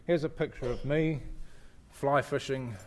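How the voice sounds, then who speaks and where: A man's voice: medium pitch, unhurried, a little mellow. A middle-aged man with a New Zealand accent, a visiting church speaker giving a chatty, joking slide presentation to a congregation. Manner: chatty and joking, with frequent fillers and restarts.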